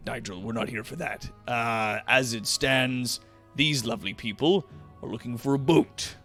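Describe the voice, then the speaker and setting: A man voicing a weary village chieftain who speaks calmly and patiently. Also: mid-range voice, unhurried, soft background music, lightly acted. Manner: calm, tired, patient.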